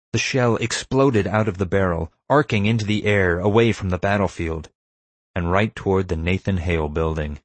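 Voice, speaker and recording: A man narrates a first-person adventure story in a steady, measured delivery. His voice is low and sits deep in his chest. The recording is dry and close, with no room sound at all. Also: dry recording. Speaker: audiobook narrator.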